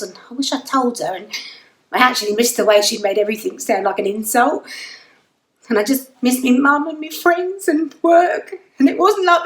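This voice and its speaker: A woman's voice: medium pitch, fairly bright tone, echoey room, distant mic, lightly acted, rough recording. A woman playing a wry, rambling young Englishwoman. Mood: wistful. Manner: dry, rambling and self-mocking. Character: wry, self-deprecating young woman lost in a void. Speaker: narrator and lead character. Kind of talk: audio drama monologue.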